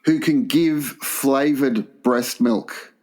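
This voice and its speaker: A man co-hosting a crude comedy podcast, telling long rambling anecdotes in a deadpan way. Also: medium pitch, drawn-out words. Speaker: podcast co-host.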